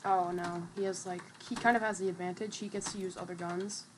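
A woman's voice: on the low side, steady tone, brisk, hardly any pauses, over music. A woman giving casual gameplay commentary as a streamer, chatty and trash-talking, with lots of fillers. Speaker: gaming streamer.

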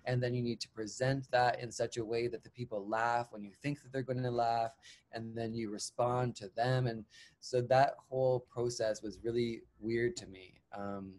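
A man's voice: mid-range voice, steady tone, normal speed, darkish tone. A man from Canada, a drag clown performer, telling his own story in an interview in an earnest, reflective way with emphatic repeated phrasing. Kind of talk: candid personal storytelling.

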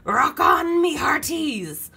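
A woman's voice: sits high, very animated, slow, vocal fry, sharp tone, voice pushed up, full character voice. A woman voicing a rowdy crew of male pirates in a storybook reading, roaring and cheering.

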